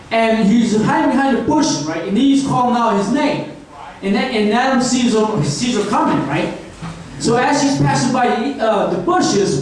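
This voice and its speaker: A man doing crude, rambling stand-up comedy, checking in with the crowd with a constant "right?". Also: extremely high pitch. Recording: echoey room from far off, faint noise.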